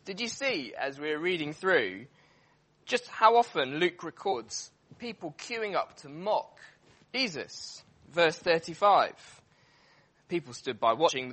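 A man delivers a sermon in a bright, ringing voice that rises and falls freely. His pitch sits a little above the middle of the male range, and he leans hard on key words, pausing on fillers and restarting his sentences as he goes. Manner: animated, emphatic, with frequent fillers and restarts. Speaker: preacher.

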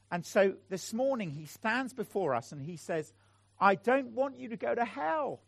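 Earnest, lively-pitched man preaching. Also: measured pace, gravelly, husky, no echo. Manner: earnest, pleading appeals to the audience. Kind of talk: sermon.

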